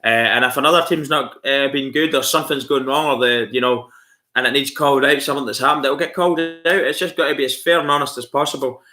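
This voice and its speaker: A man's voice: mid-range voice, fairly even intonation, fast talker, sharp tone, faint music behind. A man hosting a casual live stream, chatty and rambling with lots of fillers. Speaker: livestream host.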